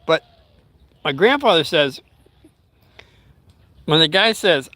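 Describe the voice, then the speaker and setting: A man's voice: on the high side, lively intonation, unhurried, pushed and bright, no echo. An older man telling a rambling story to his live chat, stopping to talk to his dog. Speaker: vlogger. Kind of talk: casual storytelling livestream.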